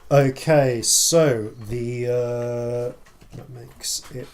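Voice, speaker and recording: A man narrating a tabletop game as dungeon master, halting often with fillers and restarts. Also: medium pitch, steady tone, a little mellow.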